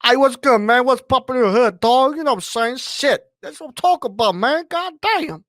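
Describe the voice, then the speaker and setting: A hyped young street guy, as a man puts him on, all loud slang and swagger. He pushes his voice up and out. The sound is dry and close. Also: extremely high pitch, animated, a little fast, no room sound, voice pushed up, exaggerated voice.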